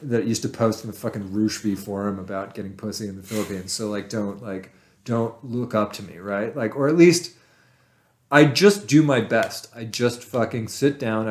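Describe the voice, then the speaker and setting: A man, a writer talking as a podcast guest, rambling and swearing in a self-deprecating way. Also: on the low side. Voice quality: nerdy voice. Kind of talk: casual chat.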